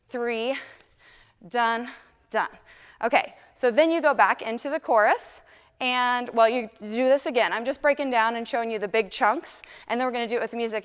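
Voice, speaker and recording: Peppy young woman dance teacher counting out moves, smooth clear voice, long echo in the studio. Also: fairly high pitch. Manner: upbeat, counts moves aloud and sings lyric snippets. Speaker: dance instructor. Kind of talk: dance tutorial with counted steps.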